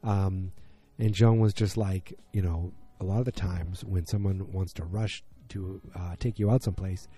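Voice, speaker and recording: A man's voice: low-pitched, fairly even intonation, normal speed, warm tone, slightly rough. A man from middle America with a Midwestern accent, recapping a TV drama in a rambling, filler-heavy chat and acting out the characters' lines. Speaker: show recapper.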